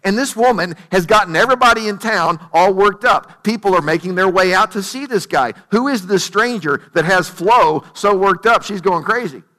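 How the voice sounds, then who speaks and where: A man preaching with a notably high, bright and forward voice. He tells the story conversationally and keeps asking rhetorical questions. The delivery is a sermon in plain everyday words. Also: lively intonation, normal speed, few pauses, in a large hall. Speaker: pastor.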